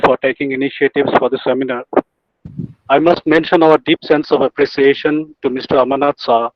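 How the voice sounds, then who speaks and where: A man's voice: mid-range voice, no room sound. A man reads a formal vote of thanks in a ceremonious, respectful manner. The sound is dry and close, with dull, lo-fi call audio. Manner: ceremonious, respectful forms of address. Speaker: faculty member giving the vote of thanks.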